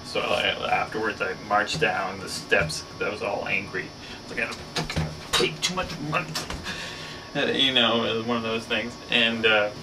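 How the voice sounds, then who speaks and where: A man's voice: fairly low pitch, flat delivery, moderate pace, background noise. A man hosting his own show, telling a story casually, rambling with lots of fillers. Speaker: show host. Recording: slightly distant mic, faint ambience.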